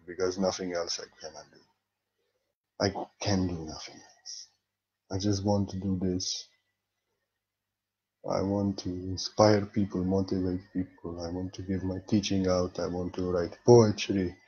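A man's voice: on the low side, warm tone, dull audio. A foreign-accented man, a spiritual teacher, giving a playful, theatrical motivational monologue and repeating words for emphasis.

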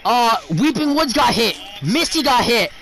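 A man hosting a gaming stream, shouting in frantic excitement while his voice goes hoarse from yelling. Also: very high-pitched, unhurried. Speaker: gaming channel host. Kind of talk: excited live game commentary. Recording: loud game music and crowd noise.

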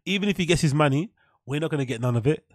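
A man's voice: a little high, animated, fast, no room sound, studio quality. A man streaming casual commentary, sarcastic and mocking, breaking into laughs as he reacts to a podcast clip.

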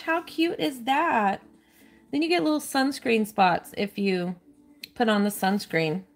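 A woman's voice: medium pitch, sing-song, unhurried, gravelly, soft background music. A woman live streaming a kids' game, chatting casually, gushing over cute details and reading out viewers' names. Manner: apologetic, reads out chat names.

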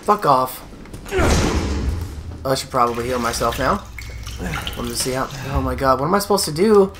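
A man giving let's play commentary on a horror game, swearing and yelling taunts at the enemy. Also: mid-range voice, lively intonation, moderate pace, background noise. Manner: profane, yells taunts at the enemy. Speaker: gaming video host.

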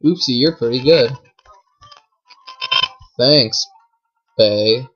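A woman giving casual commentary while playing a game, chatty with lots of fillers, swinging from low mumbling to shrieking outbursts. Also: drawn-out words, slightly rough, lo-fi sound, faint music behind. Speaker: gameplay commentator. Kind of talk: casual let's play commentary.

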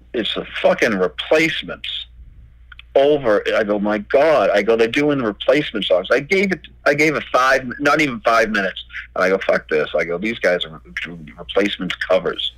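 A man's voice: mid-range voice, a bit bright, dry recording, poor audio. A man, a record label owner, telling stories as a podcast guest, swearing freely and acting out old conversations. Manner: swears freely, retells dialogue with "I go". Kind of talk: storytelling in a podcast interview.

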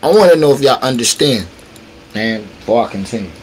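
A man's voice: medium pitch, expressive, a little fast, slight background noise, low-quality recording. A man telling a street story with slang, acting out quotes and sound effects. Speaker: battle rapper telling a story. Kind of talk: animated storytelling.

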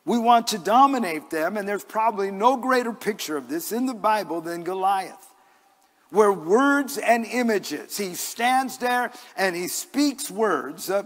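A man with a notably high speaking voice preaches a sermon in an earnest, conversational manner. His words carry a long, lingering reverb from the church sanctuary. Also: animated, unhurried, fairly bright tone. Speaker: pastor. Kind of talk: sermon with personal stories.

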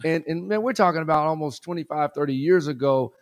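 A man's voice: on the high side, quick pace. A man hosting an interview, asking long questions that mix in his own memories. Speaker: host.

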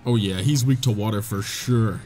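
A young man giving excitable, swearing let's play commentary, his voice jumping high when the game gets tense. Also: moderate pace, soft background music. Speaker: gaming YouTuber.

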